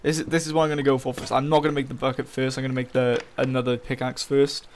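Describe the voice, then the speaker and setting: Quick-paced and mid-range, with little pitch movement, the young man's voice carries some faint background noise. He's recording Minecraft let's play commentary as a gaming YouTuber, full of casual swearing and angry rants about losing.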